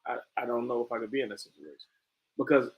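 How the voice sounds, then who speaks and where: A man's voice: medium pitch, fairly even intonation, fast talker, highs cut off. A man on a discussion panel, answering hesitantly with questions of his own. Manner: hesitant, questioning, laughs easily. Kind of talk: casual discussion.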